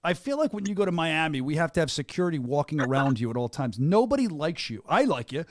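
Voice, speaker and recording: A man hosting a combat sports podcast, teasing and joking as he questions his guest. He talks fast in a fairly high voice. The recording is close and dry. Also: sing-song, no echo. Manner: jokey, teasing, laughs often. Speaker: podcast host, announcer. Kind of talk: casual podcast interview.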